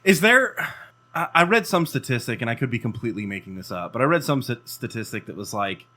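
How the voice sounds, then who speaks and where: A man co-hosting a podcast, bantering in an animated, profane way. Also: mid-range voice, fast talker. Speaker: podcast co-host. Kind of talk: casual chat.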